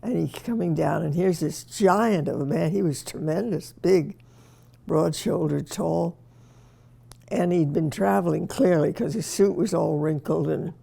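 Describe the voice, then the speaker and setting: Gravelly low-voiced older woman telling stories. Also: dark tone. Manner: anecdotal, wry, chuckling at herself. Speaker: interviewee. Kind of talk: casual storytelling reminiscence.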